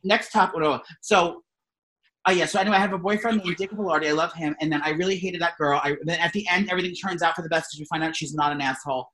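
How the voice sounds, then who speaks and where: A man's voice: a little high, steady tone, quick pace, fairly bright tone, poor audio. A man co-hosting a podcast in casual chat, gushing, profane and rambling. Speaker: podcast co-host.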